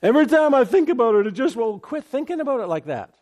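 A man with a high-pitched voice preaches a sermon. He reads scripture aloud, then expounds on it. He repeats phrases for emphasis and keeps checking in with the congregation. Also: big pitch swings, quick pace, a little mellow. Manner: call-and-response asides, repeats phrases for emphasis.

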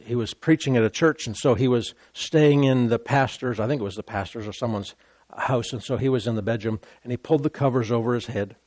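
A man preaches a sermon in an emphatic, repetitive style, tripping over repeated words and bursting into laughter and loud exclamations. His voice is medium-pitched, with no room sound.

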